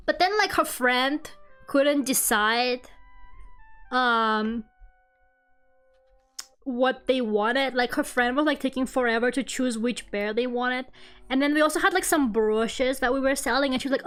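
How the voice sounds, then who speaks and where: A young woman with a high, bright voice chats to her stream in an animated, rambling rant, swearing freely and laughing as she tells her story. Soft music plays quietly in the background. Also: moderate pace. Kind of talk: casual chat rant. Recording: faint music behind.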